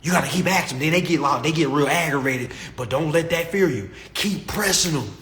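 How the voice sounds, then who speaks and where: A man delivering a comedic rant to camera in an animated, preachy and mocking way. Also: on the high side, fairly quick. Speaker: vlogger.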